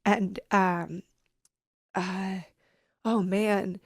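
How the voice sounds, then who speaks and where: A woman in her thirties, a podcast guest telling a personal story in an earnest, reflective, halting way. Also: mid-range voice, fairly even intonation, slightly rough, dry recording, clean studio sound. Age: 30s.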